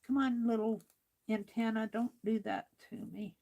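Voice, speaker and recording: A woman talks her viewers through a craft project in a relaxed, unhurried way. She often mutters to herself as she works, hunting for tools and fixing small slips. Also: fairly high pitch, vocal fry. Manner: slow, chatty, talks to herself while working. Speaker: craft livestream host. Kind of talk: casual crafting livestream talk.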